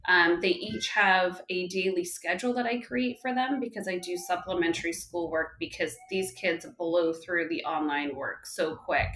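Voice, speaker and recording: A woman in her thirties, a podcast guest, talking casually and telling animated stories about home life. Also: lowish voice, moderate pace, hardly any pauses. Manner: animated storytelling, with lively quoted dialogue. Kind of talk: casual conversational interview. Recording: roomy echo.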